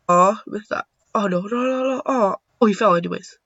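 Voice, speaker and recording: Excitable high-voiced young guy gaming. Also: normal speed, no room sound. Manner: excitable, joking, swears, sings to himself. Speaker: gaming YouTuber. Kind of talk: casual gameplay commentary. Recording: dull lo-fi dry sound.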